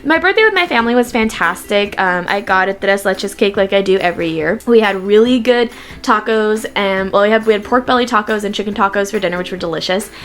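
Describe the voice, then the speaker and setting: A young woman vlogger chatting casually to camera, telling stories and quoting people in lively voices. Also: medium pitch, a little fast.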